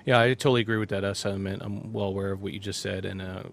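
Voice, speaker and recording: Low-voiced man, hesitant interviewer. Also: little pitch movement, racing, creaky. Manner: hesitant, many fillers. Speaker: interviewer, podcast host. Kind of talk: casual interview.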